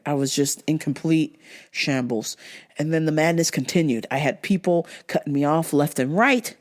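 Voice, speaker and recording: A young woman hosting a podcast, telling a story in a profane, animated rant. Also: low voice, brisk. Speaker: podcast host. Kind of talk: casual storytelling monologue.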